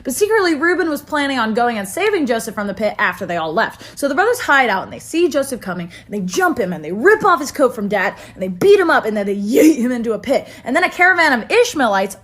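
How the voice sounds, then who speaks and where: A woman's voice: a little high, very animated, fast talker, hardly any pauses, fairly bright tone. A young woman narrating a comic retelling of an old story in playful slang.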